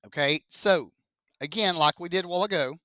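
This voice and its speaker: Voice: medium pitch, brisk, bright, forceful tone, dry recording, studio quality. A young-adult math teacher, giving a chatty classroom statistics lecture, quizzing students and adding joking asides.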